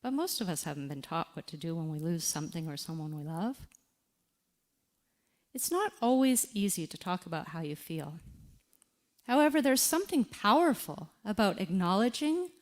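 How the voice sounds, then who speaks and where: A woman giving a motivational talk about grief, speaking with slow, deliberate emphasis and reflective pauses. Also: fairly low pitch, sing-song.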